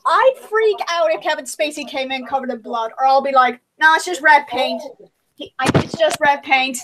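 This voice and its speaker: Woman, high voice, giggly, chatty, casual stream talk. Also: moderate pace, noisy background. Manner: giggly, chatty, laughs often. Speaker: livestream co-host. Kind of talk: casual livestream chat.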